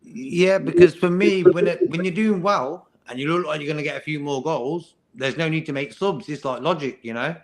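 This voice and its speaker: A man's voice: a little high, normal speed, few pauses. A man co-hosting a casual fan chat, easygoing, and given to homely comparisons. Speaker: regular co-host.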